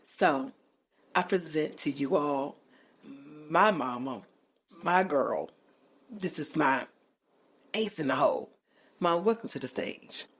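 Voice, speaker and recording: A middle-aged woman hosting a podcast, talking in an expressive, emphatic and playful colloquial way. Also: deep voice, takes it slowly, pauses often, husky. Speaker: podcast host. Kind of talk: casual chat.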